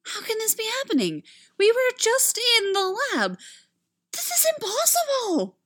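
A woman reading fan fiction aloud, voicing a frantic, anxious young woman detective with shrill, panicky outbursts. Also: big pitch swings, measured pace, bright, forceful tone, full character voice. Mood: panicked.

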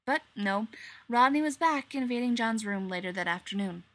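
A woman reading fiction aloud in an expressive, animated storytelling manner. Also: a little high, moderate pace. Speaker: reader.

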